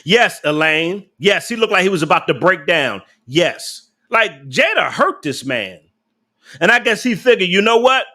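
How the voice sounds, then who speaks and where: Lively, bright-voiced man ranting. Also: high voice, measured pace. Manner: blunt, profane, laughs often, talks to chat. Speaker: live stream commentator. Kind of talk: casual live stream commentary.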